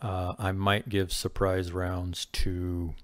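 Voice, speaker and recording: A man's voice: deep voice, monotone, slow pace, no room sound. A young man running an online tabletop game as game master, patiently explaining the rules step by step over a voice chat microphone.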